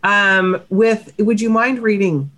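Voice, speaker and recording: A woman's voice: medium pitch, fairly even intonation, takes it slowly, a bit bright. Hesitant woman podcast host. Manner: hesitant, trailing off, with "you know" fillers. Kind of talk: casual interview chat.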